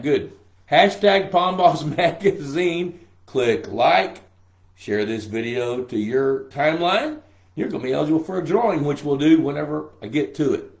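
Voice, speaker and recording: A man's voice: a little high, darkish tone. An older man with a scratchy voice, hosting a casual live-stream Q&A. He talks in a folksy, joking way and greets viewers by name. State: scratchy voice from a throat infection. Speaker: pond management show host. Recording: roomy echo.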